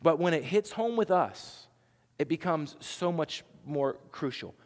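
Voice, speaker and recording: A man's voice: fairly high pitch, lively intonation, measured pace, big-room sound. A man preaching a sermon, talking conversationally and asking the congregation rhetorical questions. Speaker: pastor.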